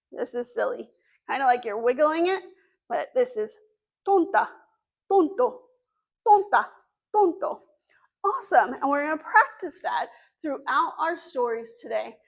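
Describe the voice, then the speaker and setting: A woman's voice: sits high, lively intonation, normal speed, creaky. A woman children's librarian hosting an online story time. She gives cheerful, step-by-step instructions to small children.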